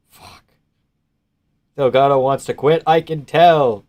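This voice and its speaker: Young male streamer from Canada, rowdy live fight reactions, mid-pitched voice, dry close sound. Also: slow pace, no room sound. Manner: excitable, swearing, laughing, chatting with viewers. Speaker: livestream host.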